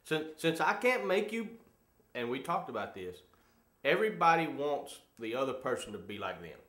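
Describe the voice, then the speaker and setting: A man's voice: mid-range voice, very animated, normal speed, fairly bright tone, reverberant. A man co-hosting a casual talk show, telling stories in an easygoing way. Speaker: co-host. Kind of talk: casual chat.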